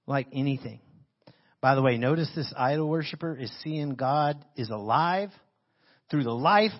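A man preaching a sermon as pastor. He reads scripture and comments on it with animated emphasis into a handheld microphone. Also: on the high side, dull audio.

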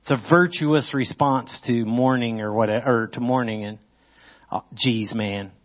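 A man preaching a sermon, swinging between loud excitement and hushed, intense moments. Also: mid-range voice, measured pace. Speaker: pastor. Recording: muffled lo-fi audio.

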